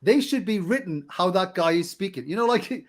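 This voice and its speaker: A man with a Barnsley accent from Yorkshire, co-hosting a podcast in casual chat, telling animated stories with frequent laughs and stumbles. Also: sits high, fairly quick. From England. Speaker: podcast co-host.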